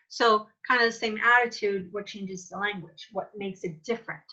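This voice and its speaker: A woman teaching an acting lesson in a thoughtful, casual way, pausing often with fillers. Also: mid-range voice, fairly even intonation, sharp tone, lo-fi sound. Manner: thoughtful, many filler pauses. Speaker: drama teacher.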